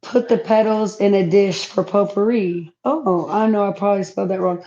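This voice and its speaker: A woman's voice: medium pitch, moderate pace, mellow, lo-fi sound. A woman chatting casually to viewers on a home livestream, reading comments aloud. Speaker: livestream host. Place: home, indoors.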